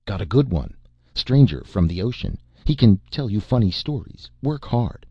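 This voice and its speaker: A man's voice: fairly low pitch, very animated, moderate pace, slightly rough, dry recording, dull audio, voice pushed up, heavily acted. A man reading the lines of a brutal barbarian slave master, who speaks in clipped, broken phrases. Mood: boastful. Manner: clipped broken speech, threatening.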